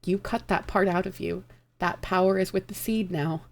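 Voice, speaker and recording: A woman reading aloud and voicing a gentle, dying man who speaks softly and tenderly to the one he loves. Her voice has a gravelly edge. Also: on the low side, steady tone, normal speed, lightly acted. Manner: soft, tender, quiet. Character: dying gentle male lover, tender and calm.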